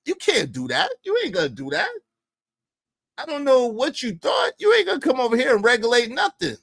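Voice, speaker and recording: Fired-up man, high lively voice. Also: fairly quick, gravelly, husky, no echo, studio quality. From Brooklyn, New York. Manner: confrontational, repeats phrases for emphasis, swings loud. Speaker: livestream host. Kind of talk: heated livestream rant.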